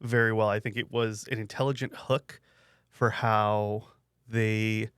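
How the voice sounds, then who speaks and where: A man co-hosting a podcast in casual chat, speaking in a measured, articulate way. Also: lowish voice, flat delivery, a bit bright, clear, resonant tone, no echo, studio quality. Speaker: podcast co-host.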